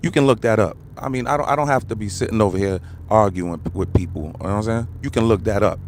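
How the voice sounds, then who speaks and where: A man's voice: on the low side, fast talker, slight background noise. An American man hosting a political commentary livestream, ranting heatedly, repeating his points and firing rhetorical questions while talking straight to his viewers. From United States. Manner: addresses viewers and the comment section directly. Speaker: livestream host.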